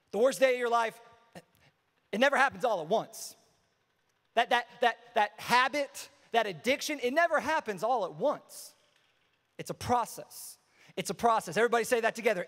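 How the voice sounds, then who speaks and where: High-voiced preacher in a reverberant hall. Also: male voice, normal speed, long pauses. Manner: energetic, repeats phrases for emphasis. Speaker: pastor. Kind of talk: sermon.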